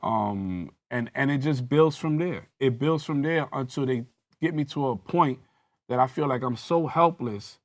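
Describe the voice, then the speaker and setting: A man's voice: medium pitch, a little slow. A man telling a personal story in a panel discussion, acting out the dialogue with rising intensity. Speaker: guest recounting a police interrogation.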